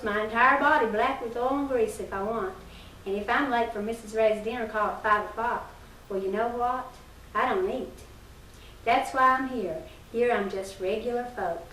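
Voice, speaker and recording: Laid-back famous singer turned backwoods mechanic, read by a woman, higher voice, roomy far-off sound. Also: a bit bright, a little hiss or hum, lightly acted. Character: famous male singer laying low as a down-home mechanic. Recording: roomy distant early-1990s recording.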